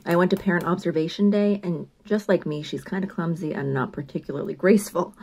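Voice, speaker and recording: A woman in her thirties, a mother telling short family stories in a gentle, earnest voice-over. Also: lowish voice, steady tone, brisk, gravelly, slightly rough. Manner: gentle, earnest, reflective storytelling. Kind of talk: narrated storytelling voice-over. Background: faint background music.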